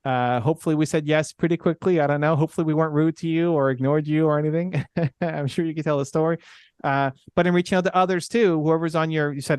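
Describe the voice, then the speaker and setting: A man's voice: fairly high pitch, fairly even intonation, fast talker, darkish tone, smooth, dry recording, studio quality. A middle-aged man, a podcast guest, telling a candid personal story in an earnest way, full of "like" and "right?".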